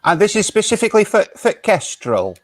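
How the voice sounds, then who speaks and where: Guy playing an awkward stammery radio host, bit high, bouncy, dry sound. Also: sing-song, a little fast, dry recording. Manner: hesitant, stammering. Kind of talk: improvised comedy radio show.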